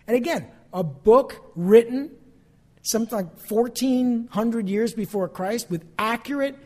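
A man's voice: very high-pitched, unhurried, a little mellow, big-room sound. A man preaching a sermon as a pastor, earnest and building to emphatic bursts.

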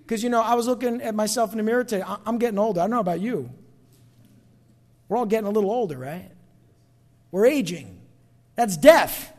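In a church sanctuary with a big-room sound, a middle-aged male pastor preaches emphatically in a high-pitched voice, calling out to the congregation for responses.

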